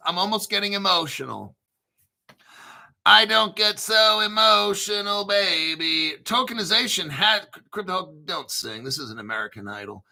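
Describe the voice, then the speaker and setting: A middle-aged man reads a news article aloud for his crypto channel in an unhurried, drawn-out delivery. His voice sits high and sounds sharp and bright. He keeps breaking off into excited, profane jokes and answers his own remarks. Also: vocal fry. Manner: excitable, profane, jokes and talks back to himself. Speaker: crypto commentary host. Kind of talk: casual solo commentary reading an article aloud.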